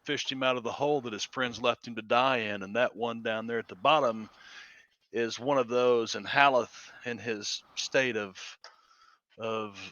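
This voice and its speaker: A man's voice: medium pitch, steady tone, normal speed, bright, forceful tone, no room sound, highs cut off. A man playing a tabletop game, describing his character's moves casually with plenty of hesitations. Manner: casual, hesitant, lots of fillers. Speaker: player.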